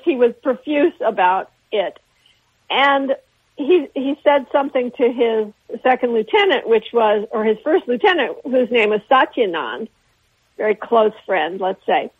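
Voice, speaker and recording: An older woman recounts her memories at length, circling back and restarting her sentences. Her voice is somewhat high and a little husky. It comes through a narrow, tinny phone line on a radio broadcast. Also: animated, measured pace. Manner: rambling, with frequent restarts and laughter. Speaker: interview guest, artist. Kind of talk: anecdotal storytelling in an interview.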